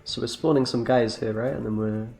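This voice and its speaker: A man's voice: mid-range voice, steady tone, a little fast, vocal fry, a little mellow, faint music behind. A man giving casual, jokey commentary while playing a card game, laid-back and slangy, laughing often.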